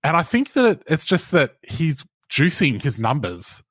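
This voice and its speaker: A man's voice: a little high, huge pitch swings, a little slow, a bit bright, dry recording, studio quality. A young man, co-hosting a podcast in casual chat, telling stories in a wry, sardonic way. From Australia. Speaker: podcast co-host.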